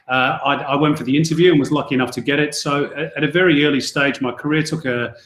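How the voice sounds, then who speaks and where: Englishman telling stories in an echoey room. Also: mid-range voice. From England. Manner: relaxed storytelling, frequent fillers and restarts. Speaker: guest sports commentator. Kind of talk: casual podcast interview.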